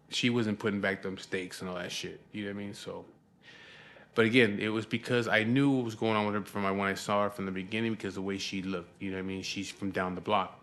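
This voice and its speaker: A middle-aged man talks straight to camera in an unhurried, rambling way. His voice sits very low. He swears casually and keeps checking in with his listener. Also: a bit bright. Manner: profane, rambling, frequent "you know what I mean". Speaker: vlogger.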